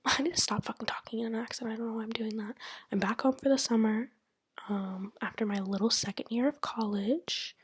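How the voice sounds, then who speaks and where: A nineteen-year-old woman rambling candidly into her laptop at home late at night, mostly in a hushed whisper, joking at her own expense. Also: fairly high pitch, steady tone, brisk, slightly rough, no echo. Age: 19, turning 20. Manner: rambling, candid, self-mocking. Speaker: college student podcaster. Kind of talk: casual late-night monologue. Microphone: laptop mic.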